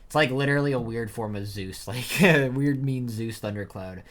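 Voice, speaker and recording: A man's voice: medium pitch, normal speed. A young man reading a manga chapter aloud and chatting about it in a rambling, casual way. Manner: rambling, chatty asides with fillers. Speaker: manga reaction streamer. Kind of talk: casual live reading and commentary.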